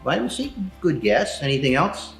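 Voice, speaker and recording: A man's voice: fairly high pitch, big pitch swings, normal speed, creaky, roomy sound, soft background music. A man giving a casual, chatty seminar talk with slides and putting questions to the audience. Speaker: seminar speaker.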